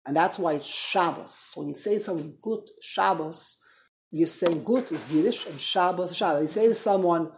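A man's voice: fairly high pitch, quick pace, few pauses, darkish tone, slight background noise. A man teaching an informal Torah class, conversational, quizzing his listeners and correcting himself as he goes.

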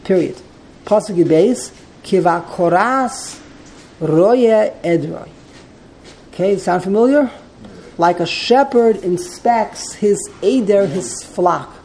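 A woman's voice: mid-range voice, lively intonation, measured pace, mellow, slight background noise, low-quality recording. A woman teaching a text study class, explaining and translating line by line and often wandering into side points.

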